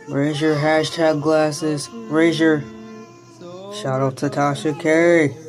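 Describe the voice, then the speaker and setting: Brief: low-pitched woman, slow deadpan vlog reading of a label, music in the background. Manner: deadpan, reads punctuation aloud. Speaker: vlogger.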